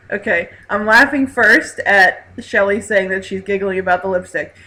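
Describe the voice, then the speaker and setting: A woman's voice: mid-range voice, a little slow, bright, forceful tone, rough recording. A woman hosting a live online hangout, chatting casually, reading viewer messages aloud and laughing often. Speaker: host. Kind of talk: casual live stream chat.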